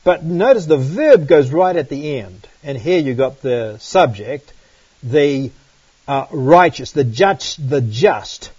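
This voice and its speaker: A man's voice: mid-range voice, very animated, slow pace, pauses often, darkish tone, husky, dry recording, muffled recording. A man giving a Bible study lecture, explaining passages and reading scripture aloud, often checking in with "right?". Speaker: Bible teacher.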